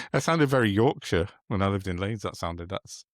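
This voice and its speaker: A deep-voiced English man co-hosts a political podcast, sounding animated at a moderate pace on a dry, clean studio recording. He talks casually but hesitantly, reading out quotes with many ums, fillers, and restarts.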